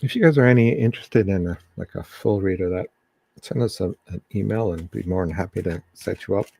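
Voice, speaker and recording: A man giving psychic readings on a live stream in a halting, casual way, with many ums and restarts. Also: deep voice, vocal fry, mellow, husky.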